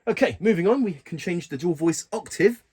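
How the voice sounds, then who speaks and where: In a high, expressive voice, a man demonstrates a keyboard casually, his speech halting as he keeps stopping mid-sentence to fix what he said. The keyboard sounds he's showing off are loud and play over his talking.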